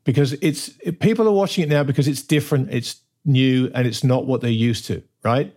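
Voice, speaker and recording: A podcast co-host on a casual talk show, this man speaks fairly quickly in a mid-range, darkish voice. He makes his points emphatically and asks "right?" often in relaxed conversation.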